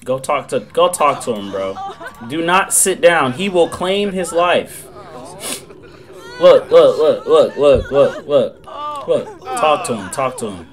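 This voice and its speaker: A young man reacting to a game as he plays, excitable and full of slang. His pitch swings widely, and he breaks into loud outbursts between slower stretches. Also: soft background music. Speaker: gaming creator. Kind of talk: live game commentary.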